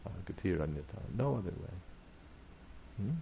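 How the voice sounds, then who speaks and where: Deep gravelly-voiced man giving a spiritual talk. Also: muffled recording. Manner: measured, repetitive emphasis with frequent "uh" pauses. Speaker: spiritual teacher. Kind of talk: devotional talk on chanting.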